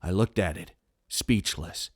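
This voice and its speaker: A man narrating a first-person horror story in a tense, steady way. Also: sits low, measured pace, husky, dry recording, studio quality. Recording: faint music underneath.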